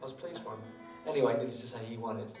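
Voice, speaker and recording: On stage at a small concert venue, a middle-aged guitarist chats wryly between songs, telling stories that poke fun at himself. He talks very fast in a mid-range voice with a darkish tone. The mic is distant, so the sound is echoey and picked up from afar along with the guitar.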